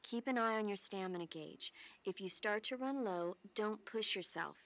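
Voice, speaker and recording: A woman's voice: mid-range voice, normal speed, fairly bright tone, natural voice. An actress playing a playful, caring young female medic in a video game. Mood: teasing.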